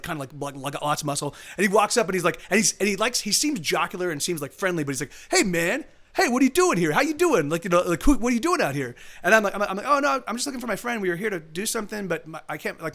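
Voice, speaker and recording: A man's voice: fairly high pitch, fairly bright tone. A young man hosting a livestream, telling a long story casually, with many restarts and quoted lines. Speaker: livestream host. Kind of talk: casual chat.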